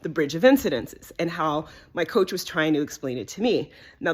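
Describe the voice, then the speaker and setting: A woman vlogger telling a personal story to camera in a casual, animated way, stressing words and swearing freely. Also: low voice, husky. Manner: animated, emphatic, peppered with swearing and "right?".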